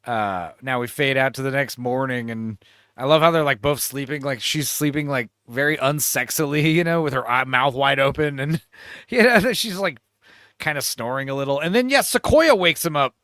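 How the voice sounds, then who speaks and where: A man's voice: medium pitch, moderate pace, fairly bright tone, smooth, no echo, studio quality. A young man casually recapping a movie, acting out the characters' lines in put-on voices and laughing often. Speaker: podcast co-host.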